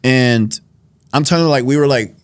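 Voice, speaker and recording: A New York man in his twenties, guesting on a podcast, tells his life story in casual conversation, acting out quoted dialogue with plenty of fillers. His voice sits in the mid-range at a normal speed, and the studio recording is dry.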